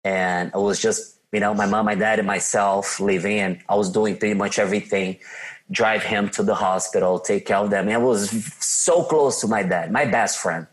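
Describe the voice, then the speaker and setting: A man in his forties with a Brazilian Portuguese accent, a podcast guest telling his life story in an animated way and acting out quotes. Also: on the low side, moderate pace. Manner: animated, laughs often, acts out quotes. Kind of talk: personal storytelling in a podcast interview.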